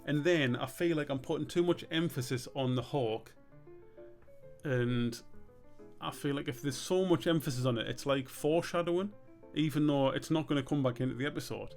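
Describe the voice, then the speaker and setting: A man, casually talking through his cartoon work as he draws, relaxed and sweary. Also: a little high, moderate pace, soft background music. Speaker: streamer and cartoon maker. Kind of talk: casual commentary while drawing.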